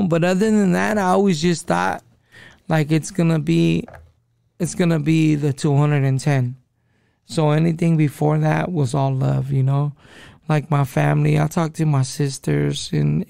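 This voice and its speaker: Podcast guest, man, 40s, high-pitched and heavily gravelly, loose profane street talk. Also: steady tone, normal speed, warm tone, no echo, clean studio sound. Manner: profane street slang, calls listener dog. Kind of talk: casual interview storytelling.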